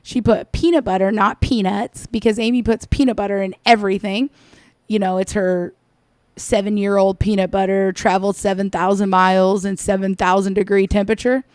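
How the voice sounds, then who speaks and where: A woman's voice: medium pitch, flat delivery, brisk, darkish tone, clear, resonant tone, dry recording, studio quality. A woman giving sarcastic, scolding reaction commentary over a cooking video. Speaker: commentator reacting to another vlogger.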